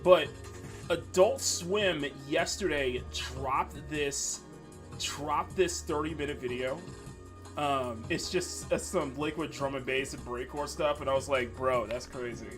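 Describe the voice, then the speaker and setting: A man's voice: mid-range voice, slow pace. Chatty male streamer over faint music. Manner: chatty, rambling, with frequent fillers and restarts. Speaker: streamer host. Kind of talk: casual livestream chat. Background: faint menu music.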